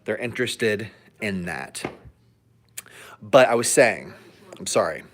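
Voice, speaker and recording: Filming a vlog in a hotel room with his dogs, a man chats and wanders off topic, cracking jokes, laughing often, and sharing dog training tips. His fairly low voice is a bit bright, with lively intonation and a slow delivery.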